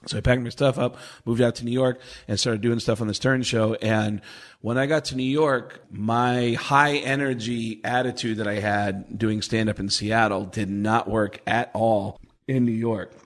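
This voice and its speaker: A man in his forties, a comedian guest, telling animated stories and acting out the quotes. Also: lowish voice, moderate pace. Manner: animated anecdotes, acts out quotes. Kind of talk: casual storytelling.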